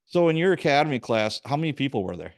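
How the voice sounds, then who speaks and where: A man who is a former police officer, hosting a podcast in a casual interview chat and telling stories in a lively way. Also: medium pitch, fast talker, dry recording. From Wisconsin, USA. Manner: lively storyteller who acts out quotes.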